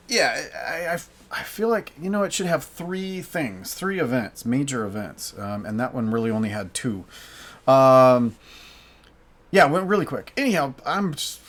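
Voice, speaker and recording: Guy playing a solo card game, halting and full of ums, reading the quest out. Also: medium pitch. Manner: halting, many fillers and restarts. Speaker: solo game player and narrator. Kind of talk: casual play-through narration.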